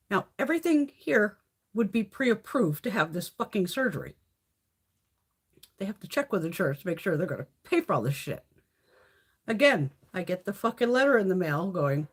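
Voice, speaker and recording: A woman's voice: fairly high pitch, lively intonation, fairly quick, husky. A woman hosting a beauty livestream, telling stories in blunt, profane casual chat with snarky asides.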